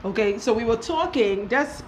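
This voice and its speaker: A woman's voice: a little high, expressive, moderate pace, slight background noise, poor audio. A woman hosting a casual story time chat, talking and laughing often while she oils a client's hair. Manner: chatty, laughs often while telling stories. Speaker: loctician and show host.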